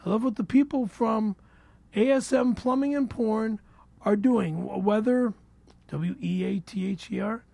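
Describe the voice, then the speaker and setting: A man reading ads on a comedy podcast, halting and stammering, nervous and repeating himself. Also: high voice, vocal fry, mellow, no echo. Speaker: show regular reading ads. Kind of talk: casual comedic podcast banter.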